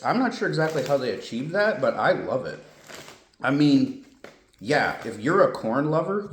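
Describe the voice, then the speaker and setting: Chatty man in an echoey room. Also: medium pitch. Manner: chatty, thinks aloud, self-correcting. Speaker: food reviewer. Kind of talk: casual food review vlog.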